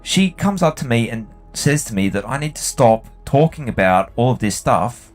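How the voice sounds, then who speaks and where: A young Australian man hosts a gaming video, chatting casually while he plays. He is blunt and swears freely, with an expressive medium-pitched voice at normal speed. Faint music plays behind him.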